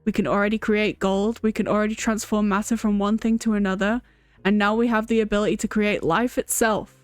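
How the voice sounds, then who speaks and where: A woman's voice: medium pitch, little pitch movement, a little fast, dry recording, natural voice. A woman voicing a pompous, self-satisfied male alchemist, reading game dialogue aloud in a grandiose, declamatory way.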